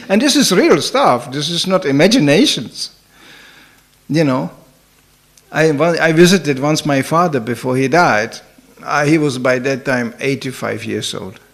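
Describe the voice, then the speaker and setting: A man's voice: a little high, expressive, a little slow, pauses often. An older man giving a spiritual talk, telling humorous anecdotes in a chatty way and often saying "you know". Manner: humorous, laughs at his own stories. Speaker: spiritual teacher. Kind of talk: sermon storytelling.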